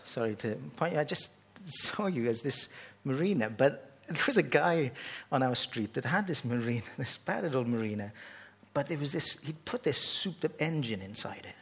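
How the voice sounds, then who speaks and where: A man delivers a sermon to his gathered church, his husky voice sitting at an ordinary middle pitch. He talks animatedly, stumbling over and repeating words as his excitement rises. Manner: animated, with frequent restarts and rising excitement. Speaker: preacher.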